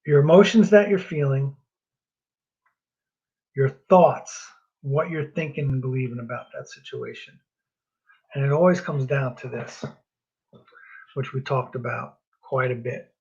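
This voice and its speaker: Husky-voiced man teaching a marriage class. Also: mid-range voice, unhurried, pauses often. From New Jersey, US East Coast. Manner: earnest, repeats himself, self-deprecating asides. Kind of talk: casual teaching talk. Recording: dull lo-fi recording.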